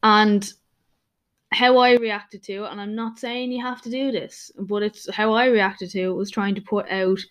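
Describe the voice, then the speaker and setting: A woman's voice: mid-range voice, fairly even intonation, a little slow. A young woman who is a personal trainer hosting her own podcast, talking candidly in a rambling, casual monologue full of restarts.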